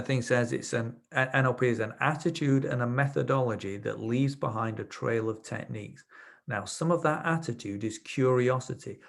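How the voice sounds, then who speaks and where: A man with a creaky mid-range voice lectures in a webinar as an NLP trainer. Stories from his sessions drive his points, and he restarts frequently.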